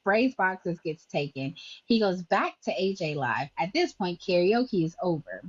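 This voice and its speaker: A woman's voice: on the low side, very animated, slightly rough, dry recording, muffled recording. A woman in casual chat, recapping a chain of online arguments and acting out what each person said. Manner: rapid storytelling, acting out quotes. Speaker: recapping livestream drama for a panel.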